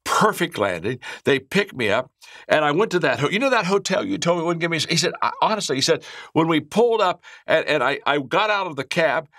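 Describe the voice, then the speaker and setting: A man's voice: a little high, very animated, brisk, a bit bright, no room sound, clean studio sound. A man giving a motivational leadership talk, telling stories and acting out the characters' lines, often repeating words as he restarts. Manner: frequent word repeats and restarts. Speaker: leadership speaker.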